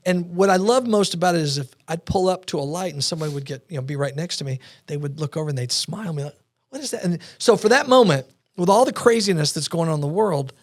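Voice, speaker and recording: Brief: fast, animated man, podcast guest storyteller, slightly high voice, dry studio sound. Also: no echo. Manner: animated, acts out quoted dialogue. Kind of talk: storytelling interview talk.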